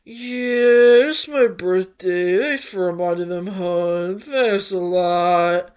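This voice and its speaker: A man's voice: sits high, slow pace, a little mellow, clear, resonant tone, voice pushed down. A woman doing a stammering, frantic young man. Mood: sarcastic. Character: panicky young man, nervous wreck. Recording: dull lo-fi recording.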